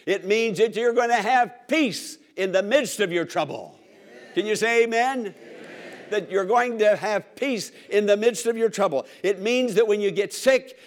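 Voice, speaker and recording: High-voiced man preaching a sermon. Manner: emphatic, repetitive, call-and-response with congregation.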